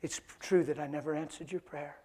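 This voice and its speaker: A man voicing God in a sermon, speaking softly and tenderly. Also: fairly high pitch, steady tone, a little fast, breathy edge. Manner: soft, hushed, tender. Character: God, gentle, calm male divine voice.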